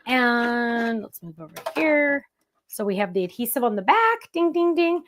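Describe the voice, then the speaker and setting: There's background noise as this high-voiced woman runs her craft livestream, working at her table and keeping up a chatty, playful patter with the chat. Her delivery is sing-song and unhurried.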